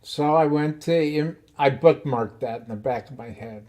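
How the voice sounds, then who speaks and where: A man hosting a podcast, telling a personal story in a casual, animated way and laughing often. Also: mid-range voice, normal speed. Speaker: podcast host.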